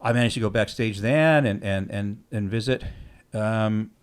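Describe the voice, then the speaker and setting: A man's voice: lowish voice, moderate pace, smooth. A middle-aged man casually telling stories on his podcast, acting out the dialogue and swearing freely. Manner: animated, acts out quoted dialogue, swears freely. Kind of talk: casual storytelling.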